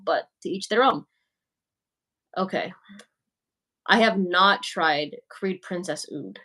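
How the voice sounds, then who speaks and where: A woman's voice: fairly low pitch, expressive, measured pace, long pauses, fairly bright tone. A young woman hosting a livestream, talking casually and frankly as she answers viewers' comments, with plenty of "like" and "you know". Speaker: livestream host.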